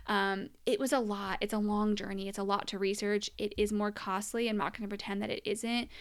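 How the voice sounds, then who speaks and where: A woman's voice: mid-range voice, level tone, a little fast. A young woman telling her personal story as a mother in an earnest, emotional monologue, at times close to tears.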